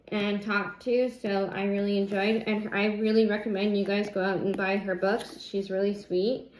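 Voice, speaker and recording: A woman's voice: mid-range voice, low-quality recording. A young adult woman chatting casually to her viewers in a rambling way, full of fillers, as she shows off her purchases. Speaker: vlogger. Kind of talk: casual unboxing vlog. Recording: noticeable background noise.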